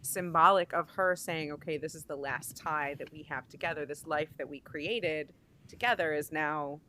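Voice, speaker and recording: A woman with a lowish voice explains her thoughts calmly and reflectively in casual conversation. Faint background noise sits under her. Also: moderate pace. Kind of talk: casual chat.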